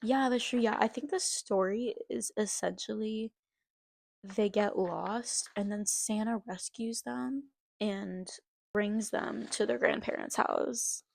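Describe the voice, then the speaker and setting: A woman's voice: mid-range voice, takes it slowly, vocal fry, dry recording. A young woman vlogger reading an old story aloud with amused, self-mocking commentary.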